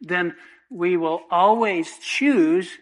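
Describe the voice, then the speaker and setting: A man's voice: high-pitched, extremely slow, low-quality recording. A man preaching a sermon, earnest and emphatic, repeating key points and asking rhetorical questions. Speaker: pastor.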